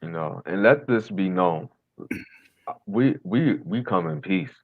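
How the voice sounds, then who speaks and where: Man, blunt playful co-host, low pitch, phone-like dry sound. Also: animated, slow, dry recording. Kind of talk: casual livestream chat.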